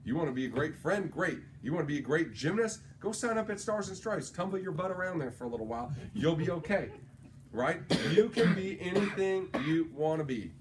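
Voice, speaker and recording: A man's voice: a little high, a little fast, background noise. A man giving a motivational sales training talk, telling stories with energy and tagging his points with "right?". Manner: energetic storyteller, tags lines with "right?".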